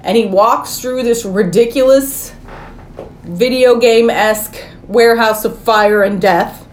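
A woman's voice: on the high side, slow pace. A woman hosting a podcast, retelling a movie plot in casual chat with some swearing. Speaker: podcast host. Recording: echoey room with faint noise.

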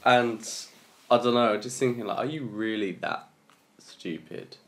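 A man's voice: medium pitch, a little slow. A young man, co-hosting a casual podcast chat, laughing easily and steering the talk with questions. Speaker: podcast co-host.

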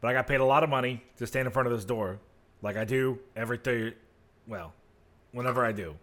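A man voicing a sarcastic male orc guarding a door, speaking gruffly and bluntly. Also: medium pitch, fairly quick, fairly bright tone, lightly acted.

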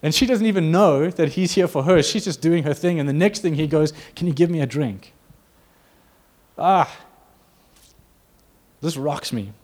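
Animated man preaching a sermon. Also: on the high side, moderate pace. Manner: animated storytelling, acts out quotes, laughs.

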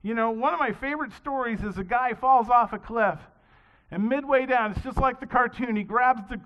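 A man's voice: very high-pitched, normal speed. A man preaching a sermon in a conversational, storytelling way, in a dull lo-fi recording. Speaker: pastor. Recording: dull lo-fi sound.

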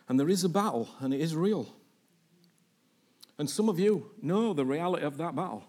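A man's voice: a little high, animated, moderate pace, pauses often, a little mellow. A man preaching a sermon, emphatic and repetitive, often asking the congregation if they understand him.

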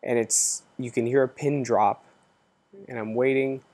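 A man's voice: mid-range voice, fairly even intonation, a little slow, a little mellow. A man in his thirties hosting a podcast, telling an exasperated story in a casual, profane ranting way. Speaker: podcast host.

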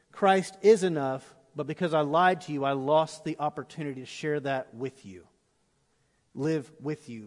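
A middle-aged pastor delivers an impassioned sermon in a high, light male voice. He swings between urgent preaching and hushed prayer. Long reverb from a big church auditorium trails after his words.

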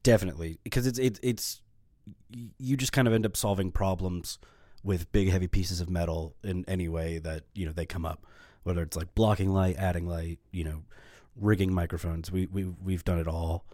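A man with a very low, mellow voice, chatting as a guest on a podcast. He talks in a relaxed way with lots of fillers. The recording is dry, with no room sound. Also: moderate pace, no echo. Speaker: podcast guest, grip and gear crew member. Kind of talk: casual podcast chat.

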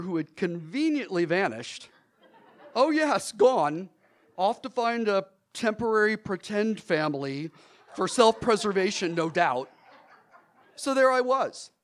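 A middle-aged man telling a personal story from his childhood on stage, theatrical and animated, often laughing as he speaks. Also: sits high.

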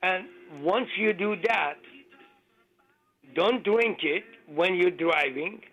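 Halting, high-voiced male caller, slow. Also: dull audio, soft background music. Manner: halting, with many fillers and non-native grammar. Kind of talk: call-in joke telling.

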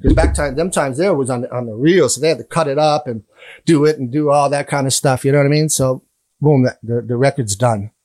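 A man telling animated stories in a casual interview. He acts out other people's voices, laughs often and swears freely. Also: medium pitch, fairly quick, no echo. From Canada. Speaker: guest musician.

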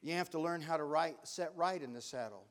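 A man's voice: a little high, fairly quick. An older man preaching a sermon, telling folksy stories and building to fervent exhortation.

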